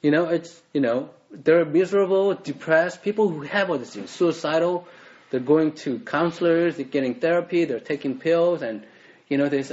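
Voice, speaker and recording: A man's voice: on the high side, normal speed, darkish tone. A man preaching a sermon in a conversational way, full of fillers and restarts. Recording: muffled lo-fi recording.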